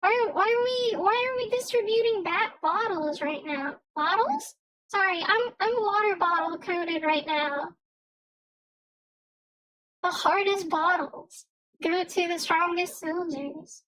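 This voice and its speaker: Young female streamer, very high squeaky voice, slow easy delivery, chatty and rambling. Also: fairly bright tone, low-quality recording. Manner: rambling, stammers and restarts often. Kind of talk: casual livestream chat.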